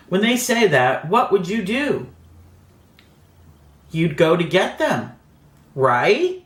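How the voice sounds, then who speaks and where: A woman's voice: deep voice, big pitch swings, slow pace, long pauses, reverberant. A woman telling a personal story in a chatty, rambling vlog style, full of "like" fillers. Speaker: beauty vlogger. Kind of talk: casual storytime.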